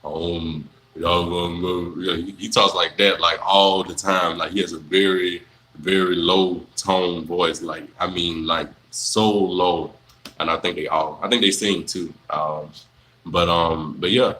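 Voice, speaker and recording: Deep-voiced man chatting, bright tone. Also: measured pace, slight background noise, low-quality recording. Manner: relaxed, rambling, many fillers and restarts. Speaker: livestream host answering viewer questions. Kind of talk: casual live Q&A chat.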